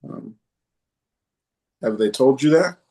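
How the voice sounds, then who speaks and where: A man hosting a casual podcast, reading out listener comments and thinking aloud with hesitant pauses. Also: mid-range voice, expressive, mellow. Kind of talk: casual chat.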